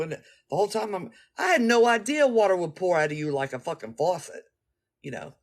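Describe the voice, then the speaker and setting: A man tells a rambling, energetic story in casual slang, speaking right to his listeners, with a high-sitting voice and a slightly fast pace.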